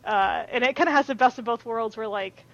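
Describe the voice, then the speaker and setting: A woman's voice: a little high, fairly quick, a bit bright, lo-fi sound. A woman chatting as a podcast guest, talking loosely with many fillers and restarts. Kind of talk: casual chat.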